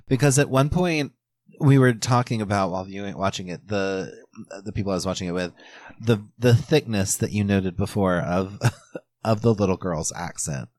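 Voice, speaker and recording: Dry-humored man, low voice, close mic. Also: moderate pace, a little mellow, no echo. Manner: dry, joking. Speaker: podcast co-host. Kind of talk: casual podcast chat.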